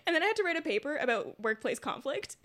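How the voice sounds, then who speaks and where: A young woman with a somewhat high voice trades quick remarks on a podcast, giggling as she talks. She jumps in to finish her partner's sentences in a loose, chatty way. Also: sing-song, a bit bright. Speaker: podcast co-host. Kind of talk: casual chat.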